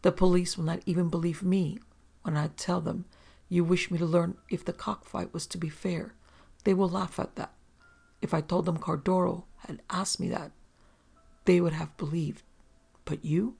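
Brief: unruffled ironic detective, read by a husky narrator, quiet and measured, storybook. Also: medium pitch, flat delivery. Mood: calm. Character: calm, ironic island detective. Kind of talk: audiobook character reading.

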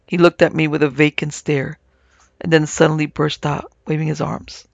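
A man narrating a scripted supernatural tale in a steady, measured way. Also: fairly high pitch, creaky, no echo. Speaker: narrator and producer. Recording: dull, dry lo-fi audio.

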